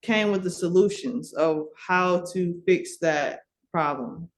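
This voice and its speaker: A woman's voice: fairly low pitch, takes it slowly. A middle-aged woman from Milwaukee tells her story as a podcast guest. Her talk is loose and casual, full of fillers and restarts, and she keeps breaking into laughter as she goes. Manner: animated, laughs often, many fillers and restarts.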